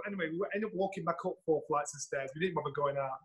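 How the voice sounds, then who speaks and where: A middle-aged man, telling a story in an animated way, swearing and acting out the lines he quotes. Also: fairly high pitch, fast, low-quality recording. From England. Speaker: guest storyteller. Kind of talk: anecdotal storytelling.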